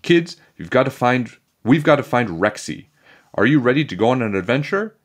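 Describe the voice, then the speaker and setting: A man voicing an odd, cheerful woman tour guide at a museum, excitable and dramatic in a storybook reading. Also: mid-range voice, normal speed, voice pushed up. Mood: eager. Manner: excitable, dramatic, hushed at times.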